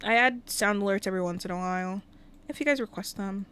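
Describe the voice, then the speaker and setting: Her mid-range voice is a bit bright, clear and resonant, and she talks quickly. Livestreaming a life-sim game, this woman keeps up a chatty running commentary, addressing both the game characters and her chat with thanks.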